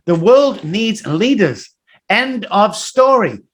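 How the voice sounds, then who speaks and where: A man's voice: high voice, takes it slowly. A man telling motivational stories as a guest, acting out the voices of people in them. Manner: animated, acts out voices in his stories. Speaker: guest, addiction recovery coach. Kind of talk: motivational storytelling.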